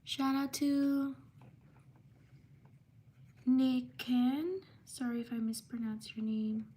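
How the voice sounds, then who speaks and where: Woman, live stream host, high voice, slow unhurried delivery, name shout-outs. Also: steady tone, slightly rough. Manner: slow, drawn-out name reading with quick apologies.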